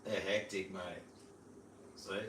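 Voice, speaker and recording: Taking it slowly in a low, steady, slightly bright voice, an Australian livestream host chats in relaxed slang and does bird-call impressions. The mic sits at a distance, giving roomy sound with faint ambience and slight background noise.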